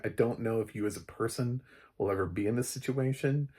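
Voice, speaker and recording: A man's voice: on the low side, brisk, darkish tone, breathy edge. A man reviewing a film in a casual, rambling, joking way, full of fillers and the odd swear word. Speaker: movie reviewer.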